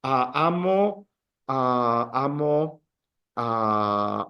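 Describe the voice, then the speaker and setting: A man's voice: a little high, sing-song, slow. A man teaching a beginners' Spanish class in a classroom, patiently repeating words for the students to echo. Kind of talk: classroom language lesson.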